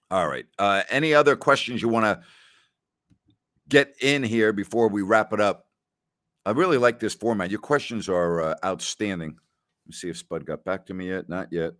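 A man's voice: lowish voice, animated, moderate pace, long pauses, fairly bright tone, no room sound, clean studio sound. A man hosting a podcast, casually answering listener questions and telling rambling stories, often repeating himself and laughing. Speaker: podcast host.

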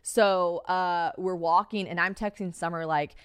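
A woman's voice: on the low side, steady tone, unhurried, clean tone, no echo, clean studio sound. A young woman hosting a solo podcast, telling a story in a chatty, profane way with lots of filler words and dramatic quoted voices. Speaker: podcast host.

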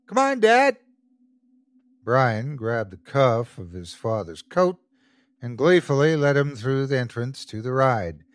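A man's voice: mid-range voice, measured pace, no echo, clean studio sound. A man narrating a scripted horror story as the show's host, telling it expressively.

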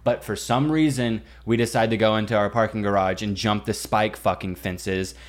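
A young man co-hosting a podcast, telling a story in casual chat, animated and full of swearing and "like". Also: fairly low pitch, normal speed. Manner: animated, swearing, heavy use of "like". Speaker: podcast co-host.

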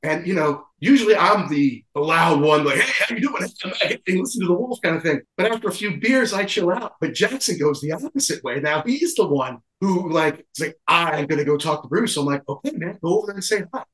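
Excited rambling man, echoey room. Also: a little high, fairly quick, hardly any pauses. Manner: excited, rambling, many restarts. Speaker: podcast co-host. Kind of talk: casual storytelling chat.

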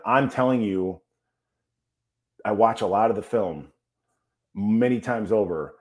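A man's voice: lowish voice, a little slow, pauses often, a little mellow. A man co-hosting a sports talk show, fired up and ranting about his team's play. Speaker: co-host, former player.

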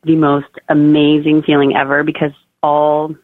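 This is a casual birth-story interview where a young woman with a deep, monotone voice talks at a moderate pace. She leans heavily on "like" and "oh my God," and the audio is a dry, echo-free, tinny phone-like line.

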